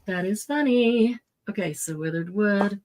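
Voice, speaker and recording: A middle-aged woman hosts a live craft supply sale in a relaxed, chatty way. She reads off product colors and laughs easily. Her voice sits at an ordinary middle pitch. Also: a little slow, rough recording. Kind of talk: casual live sale chat.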